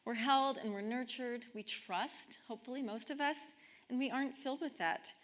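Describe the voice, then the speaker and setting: A woman's voice: a little high, moderate pace. Woman giving a chatty sermon. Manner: chatty, storytelling, with restarts. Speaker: speaker giving the talk. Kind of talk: conversational sermon. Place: chapel.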